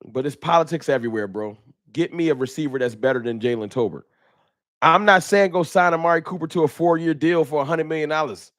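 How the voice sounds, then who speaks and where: The host of a fan talk livestream speaks fairly quickly, in a voice pitched a little high for a man. Animated and slangy, he hammers his points with emphasis and repetition, and the audio is dry and close with almost no room echo.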